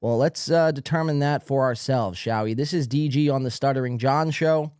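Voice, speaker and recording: A man's voice: medium pitch, moderate pace, a little mellow, smooth, no echo, clean studio sound. A man hosting a podcast, giving sarcastic, mocking commentary on video clips with lots of swearing. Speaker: podcast host.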